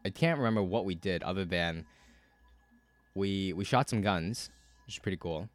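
A man telling a story in casual podcast chat, cursing a lot, with many fillers and animated bursts. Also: low voice, normal speed, dry recording. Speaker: podcast co-host.

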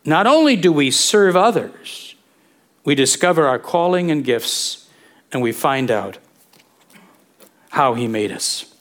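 A middle-aged man preaching a sermon in a lively, conversational way, full of rhetorical questions. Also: medium pitch. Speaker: pastor.

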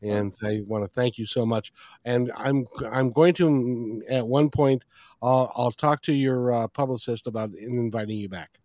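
A man's voice: mid-range voice, moderate pace, a little mellow, no echo. Podcast host guy, friendly, keeps plugging the guest's book, dry close mic. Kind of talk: podcast interview.

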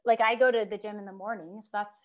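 A woman's voice: mid-range voice, steady tone, fast, narrow, tinny audio. A woman co-hosting a casual podcast chat, giggly and affirming. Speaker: podcast co-host.

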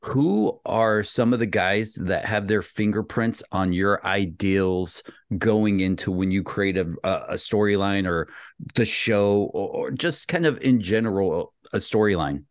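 A low-voiced man hosting a casual interview. He rambles through long questions and jokes along the way. The sound is dry and close, with no room echo. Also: measured pace. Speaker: podcast host.

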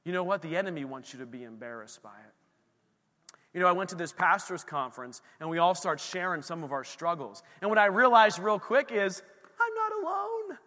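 A middle-aged male pastor preaching in a bright, forceful voice that rings out with long reverb in a large church hall. He swings from emphatic declarations to quiet, hushed storytelling, with his voice sitting a bit high for a man. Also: expressive, fairly quick. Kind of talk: sermon.

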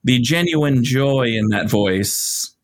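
A man's voice: medium pitch, animated, slow pace. A man co-hosting a podcast in casual chat, laid-back and lightly teasing, often repeating his words. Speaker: podcast co-host.

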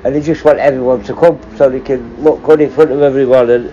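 A middle-aged man spins loose, profanity-laced stories about prison work, chuckling as he goes. His voice is mellow and dark in tone. The recording is a little dull and lo-fi, with a faint hiss underneath. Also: mid-range voice, steady tone, fast talker. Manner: sweary, rambling, laughs at his own stories. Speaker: former prison officer and hostage negotiator. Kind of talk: casual storytelling.

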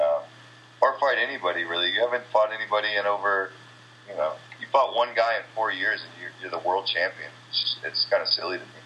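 American man, fighter, low forceful voice, blunt trash-talk, dull lo-fi radio sound. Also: fast talker. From USA. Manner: blunt, rambling, trash-talking. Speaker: kickboxing fighter and interim champion. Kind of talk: casual interview answers.

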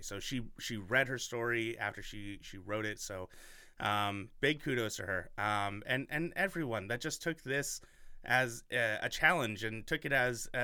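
A man's voice: mid-range voice, pushed and bright, smooth, no room sound, studio quality. A man hosting a podcast in casual chat, rambling and enthusiastic with lots of fillers. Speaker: podcast host.

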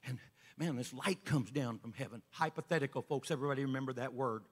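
A man preaching a sermon as an evangelist, folksy storytelling that builds up to shouting. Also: mid-range voice, fast, breathy edge, big-room sound. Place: church sanctuary.

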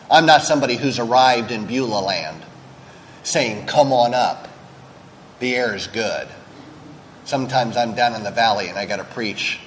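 A man's voice: mid-range voice, big-room sound, a little hiss or hum, rough recording. A male pastor delivering a sermon in a candid, conversational way, with frank asides.

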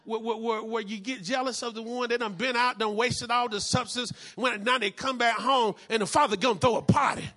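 Male pastor, high bright voice, call-and-response preaching. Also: fairly even intonation, a little fast, few pauses. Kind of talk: sermon.

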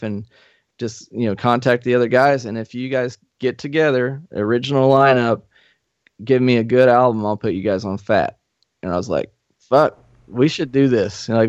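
A middle-aged man, a podcast guest, telling old band stories in a relaxed, profane, laughing way. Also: medium pitch, smooth, no echo. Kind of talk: casual storytelling. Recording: slightly muffled dry studio recording.

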